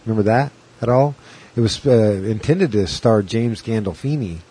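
A man's voice: on the low side, moderate pace, dark tone, breathy edge. A man in his forties co-hosting a podcast, rambling and joking in casual chat. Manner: rambling, jokey, drifts into sing-song bits. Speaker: podcast co-host.

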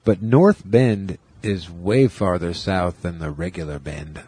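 Husky man joking in a dry room. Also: deep voice, slow pace, mellow, no echo. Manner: joking, rambling, jumps into mock singing. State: a little stuffy. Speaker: co-host. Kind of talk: casual podcast chat.

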